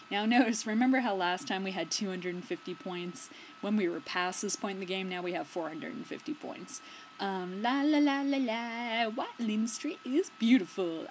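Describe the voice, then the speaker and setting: A woman's voice: medium pitch, a little hiss or hum, low-quality recording. A young adult woman giving casual, joking commentary while playing a video game and reading its dialogue aloud. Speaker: let's play host.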